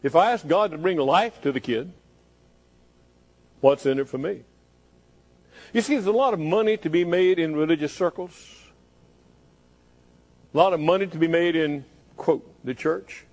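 A man's voice: a little high, normal speed, pauses often, a little mellow, rough recording. A man preaching a fervent sermon, pressing the listeners with repeated rhetorical questions.

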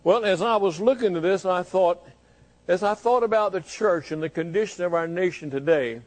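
Fervent preacher, slightly high voice. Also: male voice, moderate pace, darkish tone, rough recording. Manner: fervent, with repeated rhetorical questions. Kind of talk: sermon.

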